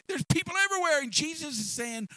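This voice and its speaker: A man with a notably high voice preaches an impassioned sermon. He hammers the same points over and over and climbs into shouts. The recording is dry and close. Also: expressive, brisk, dry recording, rough recording. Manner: impassioned, rising to shouts, repetitive emphasis.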